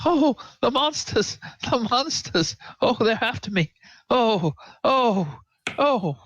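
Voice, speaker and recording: A man voicing a frantic male con man who wails in a high, theatrical voice. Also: very animated, slow, fairly bright tone, husky, no echo, full character voice. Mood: theatrical panic. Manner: high wailing moans and feigned panic. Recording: dull lo-fi audio.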